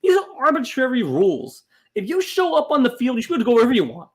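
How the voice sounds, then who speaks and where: A man co-hosting a casual comedy podcast, telling stories with loud, exasperated bursts. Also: very high-pitched, racing. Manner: animated storytelling, swings into loud exasperated bursts. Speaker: podcast co-host.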